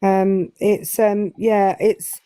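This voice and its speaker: Chatty English woman, mellow and dry. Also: mid-range voice, flat delivery, drawn-out words, smooth, no room sound. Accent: English, southern Midlands. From England. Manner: chatty, hesitant with many fillers. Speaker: guest. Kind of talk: casual chat on a live stream.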